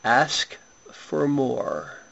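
A man reading a comic story aloud in a slow, drawn-out way. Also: sing-song, creaky, a bit bright. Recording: dull low-fi recording.

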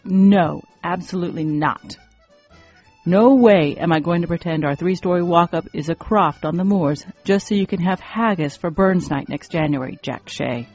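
A woman's voice: fairly low pitch, moderate pace, darkish tone. A woman playing an exasperated scolding wife. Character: exasperated wife, sharp-tongued. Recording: dull lo-fi with faint music.

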